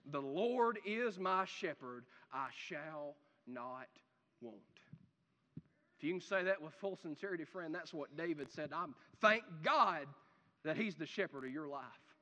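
A male pastor with a high, bright, ringing voice preaches in a church, his words trailing off into a long reverb. He swings between booming declarations and near-whispered, stretched-out lines. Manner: dramatic swings from loud declaring to hushed, drawn-out phrases. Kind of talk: sermon.

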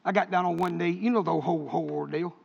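A man preaching a sermon, telling stories with passion and swinging between loud and hushed delivery. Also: a little high, fairly even intonation, fast talker, gravelly. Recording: echoey hall, dull lo-fi sound.

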